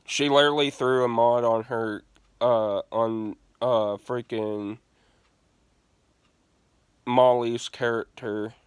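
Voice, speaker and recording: A man's voice: mid-range voice, fairly even intonation, takes it slowly, long pauses, clean tone, no room sound. A man telling a prank story as a gaming streamer, swearing and laughing often. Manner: profane, laughing, restarts often. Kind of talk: casual storytelling rant.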